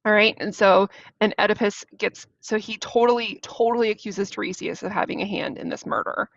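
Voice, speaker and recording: A woman teacher walks through a play in a relaxed, chatty way, putting the scenes in her own words. Her voice sits at a middle pitch. The recording is dull and dry. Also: a little fast, creaky, dry recording. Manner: chatty, explains in loose paraphrase. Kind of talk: casual literature lesson.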